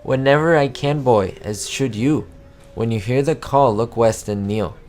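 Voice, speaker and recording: A man's voice: mid-range voice, measured pace, a little mellow, soft background music, natural voice. A man doing a pious, firm doctor. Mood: instructive. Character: pious male Muslim doctor.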